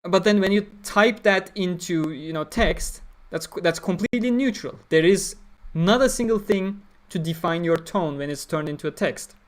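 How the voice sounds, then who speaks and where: A man's voice: high voice, normal speed. A man chatting casually on a livestream, reading and answering chat with blunt, opinionated talk. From Turkey. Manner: opinionated, blunt, talks through ideas with fillers.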